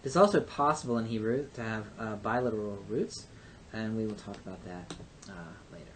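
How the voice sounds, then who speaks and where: A man's voice: on the low side, fairly quick, a bit bright, slight background noise. A man teaching a Hebrew grammar lesson, explaining step by step in a methodical way, with frequent hesitations. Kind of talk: recorded grammar lecture.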